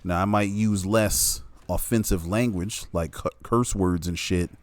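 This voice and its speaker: A man's voice: low voice, unhurried, dry recording. A man delivering a blunt, heavily profane opinion monologue, stressing his points hard and often checking in with "you know what I'm saying.". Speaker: commentator.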